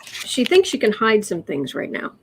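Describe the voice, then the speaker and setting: A woman hosting a casual tarot reading chat, talking haltingly with fillers and restarts. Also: medium pitch, wildly swooping pitch, vocal fry, breathy edge. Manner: mimics the person she reads about. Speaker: host, tarot reader.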